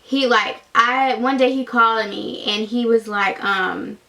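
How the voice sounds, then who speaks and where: A woman's voice: a little high, a little slow. Chatty young woman. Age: young adult. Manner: chatty, animated storytelling with many fillers. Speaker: vlogger. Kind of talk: storytime vlog.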